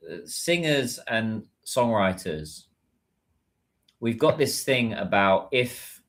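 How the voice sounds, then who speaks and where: A British man hosts a relaxed livestream, reading messages from viewers and answering them as he goes. His voice sits low, but his pitch swings widely and sounds animated. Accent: British English. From United Kingdom. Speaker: livestream host. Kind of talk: casual livestream chat.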